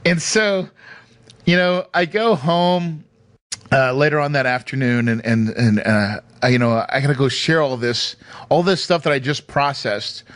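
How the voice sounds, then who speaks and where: A man's voice: fairly high pitch, measured pace, pauses often, no room sound. Emphatic, emotional male podcast host. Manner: emotional, emphatic, laughs often. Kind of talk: personal motivational storytelling. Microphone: studio microphone.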